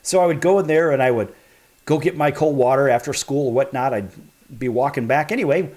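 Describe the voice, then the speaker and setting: A man from the Chicago area hosting a broadcast talk show, telling a story in an animated, chatty way. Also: mid-range voice, a little fast.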